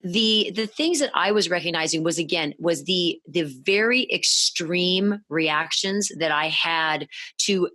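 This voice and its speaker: A woman podcast guest in her thirties, speaking candidly in a halting way, often restarting and quoting her past self. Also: fairly low pitch, pushed and bright, no echo. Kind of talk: candid conversational interview.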